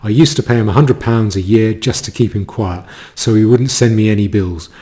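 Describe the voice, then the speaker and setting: A man reading the lines of a bankrupt upper-class 1920s English gentleman in a clipped, airy, upper-class English accent. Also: fairly low pitch, brisk, natural voice. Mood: breezy.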